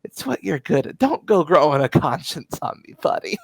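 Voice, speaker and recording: A man voicing a pushy, grinning male schemer who talks fast and wheedles. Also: a little high, sing-song, gravelly, breathy edge, no room sound, exaggerated voice, low-quality recording. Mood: wheedling.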